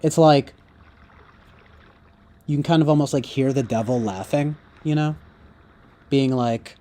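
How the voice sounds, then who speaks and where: A man's voice: medium pitch, measured pace, pauses often, mellow. A man ranting casually, rambling and profane, with heavy fillers. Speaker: streamer. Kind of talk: casual rant.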